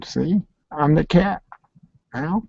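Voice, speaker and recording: A man's voice: medium pitch, very animated, slow, gravelly, darkish tone, slightly rough, dry recording. A man hosting a casual late-night voice chat, playful and theatrical, meowing and laughing. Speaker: chat room host. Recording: dull lo-fi dry voice chat audio.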